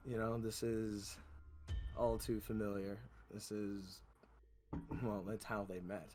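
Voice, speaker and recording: A man's voice: fairly low pitch, little pitch movement, takes it slowly, dark tone, soft background music. A man playing a tabletop game, describing his character's actions in a hesitant, thinking-aloud way. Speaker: player.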